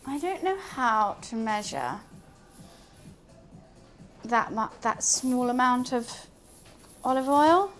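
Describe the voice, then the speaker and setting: A woman's voice: high voice, very animated, slow pace, long pauses, a bit bright, soft background music. A woman streaming as she cooks, chatting in a scattered, casual way and talking to her cat. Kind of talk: casual cooking stream chat.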